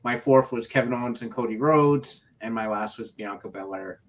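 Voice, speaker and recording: A man's voice: mid-range voice, moderate pace, a crowd in the background. A man co-hosting a casual wrestling podcast in an easygoing way, mostly giving short agreeing replies. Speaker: podcast co-host. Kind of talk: casual chat.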